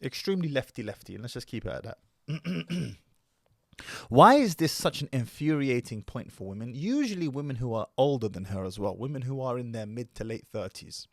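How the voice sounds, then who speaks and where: A man hosting a commentary channel who lectures his audience at a measured pace. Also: mid-range voice, animated, vocal fry, dry recording, clean studio sound. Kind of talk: commentary video monologue.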